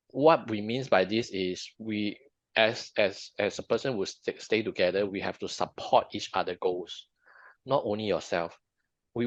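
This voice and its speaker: Man, podcast co-host, casual book talk, halting, repeats words, muffled lo-fi sound. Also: on the low side, dry recording. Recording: dull lo-fi dry sound.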